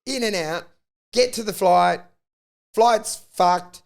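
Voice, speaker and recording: An Australian man telling a long comic story as a podcast host, swearing freely and ranting in an animated way. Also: high-pitched, slow, gravelly. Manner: profane, animated, rant-like storytelling. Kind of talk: casual comedic storytelling.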